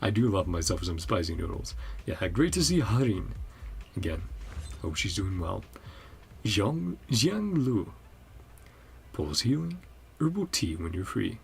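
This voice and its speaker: A man's voice: on the low side, big pitch swings, measured pace, creaky, a little hiss or hum. A man giving playful, casual reaction commentary on a game, laughing often.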